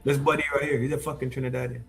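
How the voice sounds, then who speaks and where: A man hosting a stream, reacting to clips with loud, profane casual commentary that repeats itself. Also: mid-range voice, flat delivery, very fast, gravelly, soft background music. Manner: loud, swearing, repeats himself.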